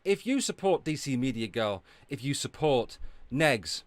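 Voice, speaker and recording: A man rants on a livestream, swearing freely and dripping with sarcasm. His pitch leaps around constantly as he swings between mock cheer and low, muttered scorn. The sound is close and dry, with no room around it. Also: sing-song, measured pace, no room sound. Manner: profane, sarcastic, loud outbursts; reads out donations and thanks viewers. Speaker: streamer. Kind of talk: ranting livestream chat.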